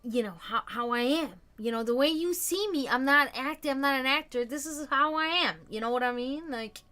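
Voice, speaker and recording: A woman's voice: high voice, normal speed, pushed and bright. A woman hosting a casual livestream, chatting loosely with her viewers, full of fillers and restarts. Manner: chatty, answers chat comments, many fillers and restarts. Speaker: livestream host.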